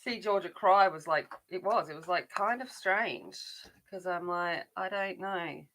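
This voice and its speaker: A woman's voice: on the low side, measured pace, fairly bright tone. A middle-aged woman chatting casually while colouring, rambling along with frequent restarts. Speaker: adult colouring channel host.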